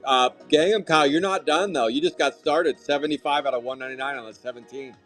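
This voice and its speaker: A man hosting a live trading card break, calling out pulls with loud, excitable, jokey hype. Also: fairly high pitch, fast. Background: faint music.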